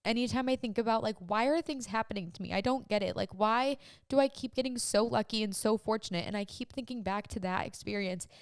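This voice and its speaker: A woman's voice: a little high, brisk, few pauses, clear, resonant tone, no echo, studio quality. A young adult woman hosting a podcast, telling a personal story in an earnest, emotional, chatty way full of "like.". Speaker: podcast host.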